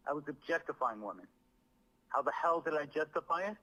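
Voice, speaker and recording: A man with a bright, forward voice reads a prepared apology word for word. He leans on certain words with stiff, rehearsed emphasis, like a script being performed. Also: on the high side, expressive, low-quality recording. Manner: deliberate, stresses words as if acting. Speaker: comedian making an apology video.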